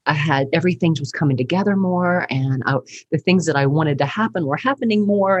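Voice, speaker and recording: A middle-aged woman, a counselor and teacher, telling her story in an animated, chatty way during a podcast interview, laughing often. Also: sits low, slightly rough, dry recording, poor audio.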